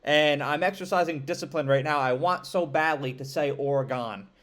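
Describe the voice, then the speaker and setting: A man with an upstate New York accent hosting a college football show, talking to camera with energetic, emphatic hype. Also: a little high, fairly quick. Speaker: sports show host.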